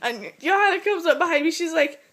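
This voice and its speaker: A young American woman telling a funny travel story in a casual vlog, animated and giggly, full of "like". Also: very high-pitched, a little fast. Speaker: vlogger.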